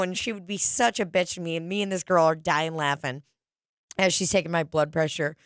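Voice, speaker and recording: A woman's voice: fairly low pitch, fairly quick, a bit bright, dry recording, studio quality. A woman casually telling a comic story, chatty and profane, full of fillers like "like".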